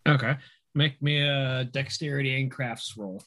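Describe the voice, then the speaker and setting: A man's voice: mid-range voice, fairly even intonation, a little slow, a bit bright, slight background noise. A man running a tabletop game as game master, chatting casually and teasing his players.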